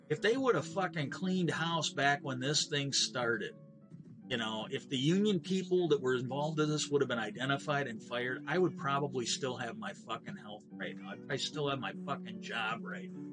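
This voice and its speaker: A middle-aged man streaming a game, telling a long story in a bitter, profane, rambling way with frequent restarts. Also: medium pitch. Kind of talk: casual ranting storytelling while gaming.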